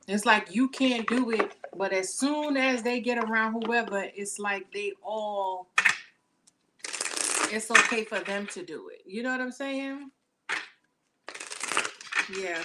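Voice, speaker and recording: A woman's voice: medium pitch, noisy background. Blunt, profane woman reading tarot. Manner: blunt, profane, slangy chatter. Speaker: tarot reader. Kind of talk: casual tarot reading to camera. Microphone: camera mic.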